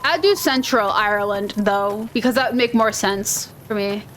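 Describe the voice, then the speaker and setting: A woman's voice: medium pitch, normal speed, a bit bright, a little hiss or hum. A woman with a Minnesotan accent, chatting in a rambling, playful way while she plays a video game. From Minnesota, USA. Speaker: gaming video host. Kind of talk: casual chat over gameplay.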